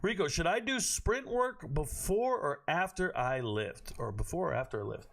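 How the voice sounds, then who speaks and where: A man's voice: fairly high pitch, lively intonation, normal speed, creaky. Blunt, profane man hosting a stream. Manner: profane, blunt, bursts into loud shouting. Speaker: host of a draft watch party stream. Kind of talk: casual live-stream commentary. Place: his home. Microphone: own microphone.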